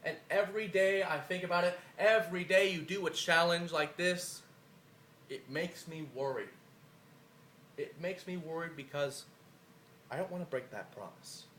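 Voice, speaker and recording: A man's voice: fairly high pitch, normal speed, fairly bright tone, slight background noise. A man cutting a boastful, profane wrestling promo, his voice a bit worn. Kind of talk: trash-talking wrestling promo. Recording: echoey room, faint ambience.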